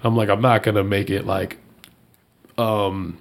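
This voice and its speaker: Man, low gravelly voice, animated storyteller, casual chat. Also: unhurried. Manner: animated, jumps high when quoting people.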